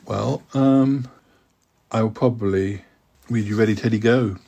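Hosting his podcast, this middle-aged poet chats haltingly with lots of fillers before reading aloud poems he wrote himself. His dark-toned voice is on the low side, a little slow and creaky, and there's slight background noise.

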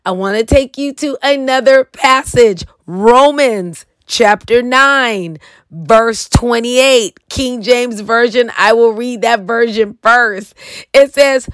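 A woman's voice: fairly high pitch, expressive, slow, fairly bright tone, no echo. A middle-aged woman preaching on a podcast, reading scripture and urging listeners with "listen to me.". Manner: earnest, repeats "listen to me" and "okay".

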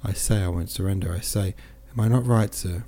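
A man doing a drunk, hoarse old clerk shouting. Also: low voice, brisk. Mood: confiding. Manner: blustering, slurred shouting.

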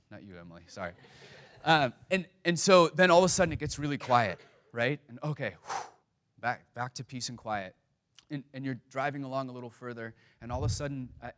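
A man giving a sermon as a pastor, speaking conversationally with many stammered restarts and fillers. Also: mid-range voice.

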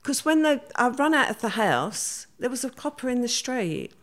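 A middle-aged woman, telling a past event in a vivid, hurried way and quoting others as she goes. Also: a little high, sing-song. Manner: vivid, hurried retelling with many quoted voices. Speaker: interviewee. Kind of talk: conversational storytelling.

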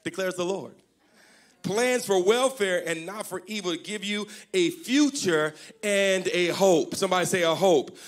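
With a high-pitched, unhurried voice, this pastor preaches at a church service, cracking jokes and drawing responses from the congregation. His delivery rises to shouts at times.

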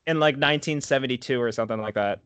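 A man's voice: mid-range voice, a bit bright, clean tone, no echo. A man hosting a comedic movie podcast, chatting casually and cracking jokes. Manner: jokey, prone to quick put-on voices and laughter. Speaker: podcast host.

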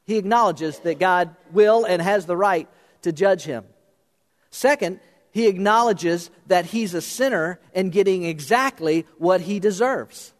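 A male pastor preaching a sermon, animated, swinging between raised emphasis and hushed intensity. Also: high-pitched, unhurried. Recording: long reverb of a large hall.

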